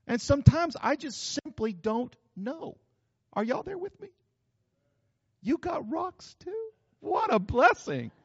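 Lively folksy preacher man. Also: extremely high pitch, slow pace, dry recording, lo-fi sound. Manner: folksy, joking preacher with Southern expressions. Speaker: pastor. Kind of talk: sermon.

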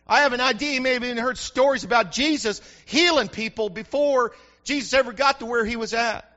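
A man's voice: very high voice, brisk, sharp tone, lo-fi sound. A man preaching a sermon in church, fervent and often asking the congregation if they follow him. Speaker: pastor.

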